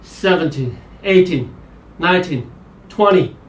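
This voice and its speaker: A man's voice: a little high, lively intonation, a little slow, roomy sound, slight background noise. A man hosting a live golf fitness show, talking energetically and motivating viewers through exercises. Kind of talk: live-streamed workout and golf tips.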